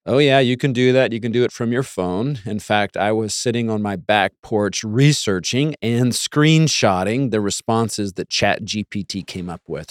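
A man's voice: on the low side, no echo, studio quality. A man hosting a talk show in a casual monologue, with wry, sarcastic asides and mock voices for quotes. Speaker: podcast host.

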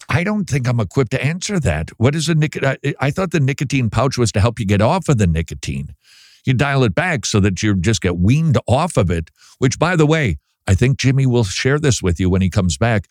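A man's voice: medium pitch, no room sound, clean studio sound. A man hosting a Christian talk show, chatting casually with wry, self-deprecating humor.

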